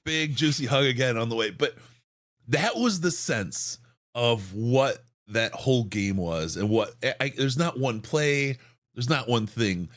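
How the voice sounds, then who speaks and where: A man co-hosting a sports podcast who tells an excited story in a hoarse voice, often repeating words. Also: medium pitch, a little slow. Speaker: podcast co-host.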